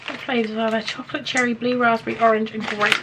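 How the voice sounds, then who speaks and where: A woman with a British accent, chatting to camera as she unboxes gifts in an excitable, gushing way full of gasps. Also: a little high, fast talker, noisy background. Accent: British English. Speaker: vlogger.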